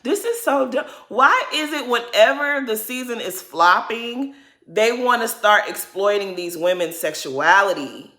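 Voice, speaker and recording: A woman's voice: very animated, a little slow, pushed and bright, echoey room. A woman giving a casual reality TV recap, sassy, blunt and profane. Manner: sassy, blunt and profane, mimics others in high exaggerated voices.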